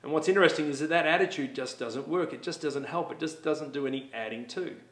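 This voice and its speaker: A man's voice: fairly high pitch, fast, fairly bright tone. A middle-aged man, talking to students about attitude and telling stories. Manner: storytelling, acts out voices. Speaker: motivational speaker for schools. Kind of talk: talk to students. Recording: echoey room.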